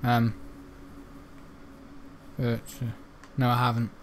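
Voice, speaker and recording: Excitable man playing a game. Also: slow, slight background noise. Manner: excitable, bursts into high shouts and laughs at the game. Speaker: gameplay commentator. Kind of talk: casual gameplay commentary.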